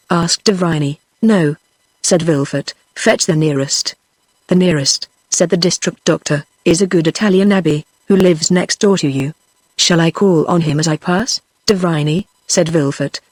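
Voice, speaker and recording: A woman's voice: on the low side, no room sound. Synthetic British woman reading a novel. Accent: British English. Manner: even, measured reading of dialogue and narration alike. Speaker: narrator. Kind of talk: synthetic audiobook narration.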